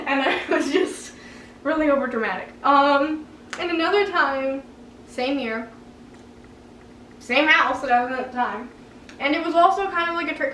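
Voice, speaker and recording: A young woman telling a childhood story at home in an animated, dramatic way, often breaking into laughter. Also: high-pitched, far from the mic, a little hiss or hum. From Canada. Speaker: vlogger. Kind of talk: story-time vlog. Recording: roomy room, a bit off mic.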